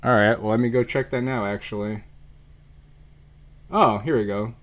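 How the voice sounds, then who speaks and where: A man's voice: on the low side, steady tone, normal speed. A man streaming a game, reading out comments and reacting with casual, profane commentary and frequent laughter. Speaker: gaming streamer. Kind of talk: casual let's-play commentary. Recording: faint music behind the voice.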